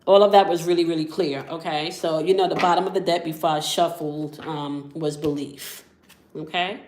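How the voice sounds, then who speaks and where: A woman leading a spiritual tarot and sound-healing session, calm and instructive, often checking in with the listener. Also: sits low, normal speed, roomy sound. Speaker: spiritual reader.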